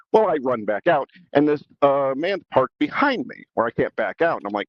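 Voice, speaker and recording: A male podcast host tells a story in a loose, rambling way and keeps restarting his sentences. His voice sits in a middle pitch range. The recording is dry and a little dull. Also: very animated, fairly quick, no room sound. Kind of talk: casual chat, storytelling.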